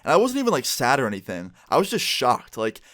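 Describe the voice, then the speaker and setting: Fast-talking young man telling a story. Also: mid-range voice, huge pitch swings, a bit bright, no echo, clean studio sound. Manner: rapid, chatty, peppered with "like". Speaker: vlogger. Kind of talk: casual storytime.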